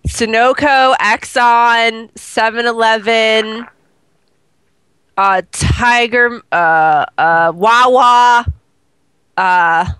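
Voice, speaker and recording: Woman, casual podcast chat, teasing, laughing, raised pitch. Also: extremely slow, fairly bright tone, smooth, no room sound. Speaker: podcast co-host.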